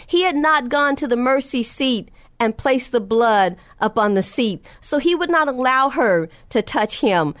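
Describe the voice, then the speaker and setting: A woman's voice: animated, unhurried, few pauses, a bit bright, no room sound. A woman preacher delivering a sermon, retelling scripture with impassioned emphasis, her voice climbing at key points. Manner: impassioned, rising in pitch at emphasis.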